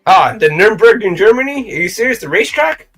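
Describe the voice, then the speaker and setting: Animated man chatting on a live stream. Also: high-pitched, fast, faint music behind. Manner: animated, playful, jumps into voices. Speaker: co-host. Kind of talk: casual live-stream chat.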